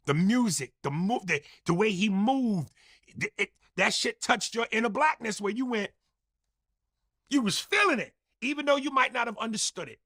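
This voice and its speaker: Man, high and husky, emphatic profane debater, lively delivery. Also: normal speed, no room sound, studio quality. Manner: emphatic, profane, mimics others' speech. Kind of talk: animated casual debate.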